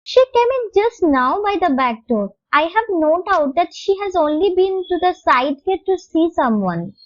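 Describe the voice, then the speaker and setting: A woman's voice: extremely high pitch, very animated, normal speed, pitched above the performer's own voice. A woman reading a story aloud and voicing an earnest, worried young woman. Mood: concerned. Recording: dull lo-fi recording.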